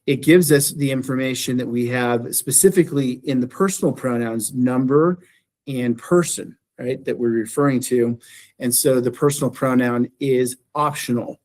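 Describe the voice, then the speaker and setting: A man lecturing a beginning Greek class in a classroom. He explains step by step, restates his points and keeps checking that his students follow. His voice sits in an ordinary middle pitch. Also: fairly even intonation, moderate pace, darkish tone. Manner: explanatory, repeats phrases, checks in with "right?". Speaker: Greek instructor.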